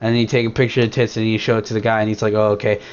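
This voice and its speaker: A man's voice: lowish voice, little pitch movement, racing. A young man hosting a casual podcast, rambling and crude, full of fillers and restarts as he walks through something step by step. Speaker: podcast host. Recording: dull lo-fi recording.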